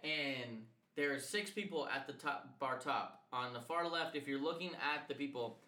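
A young man co-hosting a podcast, telling stories in a casual, animated, profane way and laughing often. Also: medium pitch, moderate pace. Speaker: podcast co-host. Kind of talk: casual storytelling chat. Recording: echoey room.

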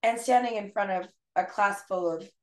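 A woman's voice: medium pitch, moderate pace. A woman teacher speaking as a podcast guest, earnest and thoughtful as she reflects. Her mid-range voice carries a roomy echo. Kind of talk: casual podcast conversation. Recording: roomy echoey sound.

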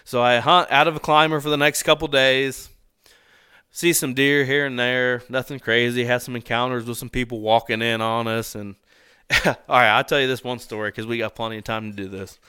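A man telling a story about a hunting trip in a relaxed, conversational way. He laughs often and slips into voices for the people in his tale. His voice is bright and crisp, recorded dry and up close. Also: mid-range voice, moderate pace, dry recording. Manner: animated, laughs often, acts out voices in quotes. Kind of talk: casual storytelling.

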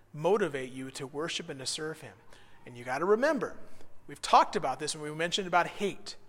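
High-voiced man teaching scripture, echoing. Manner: earnest, swings from hushed to excited. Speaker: pastor. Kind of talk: devotional Bible teaching.

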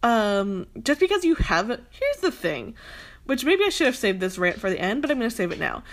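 A woman's voice: a little high, big pitch swings, moderate pace. Heated, swearing young woman ranting. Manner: heated, emphatic, swears a lot, fillers like "like". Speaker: commentary vlogger. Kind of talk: ranting celebrity commentary.

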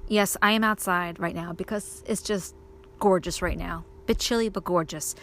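A woman's voice: fairly low pitch, steady tone, normal speed, fairly bright tone, a little hiss or hum. A woman hosting her own podcast, talking casually and rambling with many fillers while outdoors. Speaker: podcast host and indie author. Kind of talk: casual solo podcast monologue.

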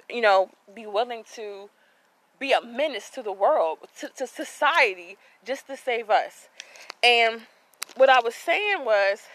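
A woman's voice: a little high, a bit bright, low-quality recording. A woman hosting a faith podcast, talking outdoors into her phone, earnest and a little out of breath, often repeating words as she searches for them. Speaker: podcast host. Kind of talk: casual faith talk.

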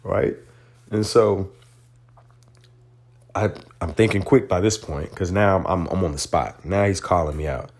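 A man hosting a podcast, telling a personal story in an animated, earnest way and drawing a motivational lesson from it. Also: sits low, unhurried, pauses often, slight background noise. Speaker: podcast host. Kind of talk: storytelling monologue.

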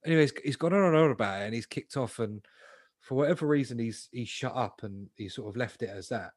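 A man's voice: mid-range voice, a little fast, no room sound, studio quality. A young man telling a long, slangy, swear-filled anecdote in a casual podcast chat. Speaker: podcast co-host.

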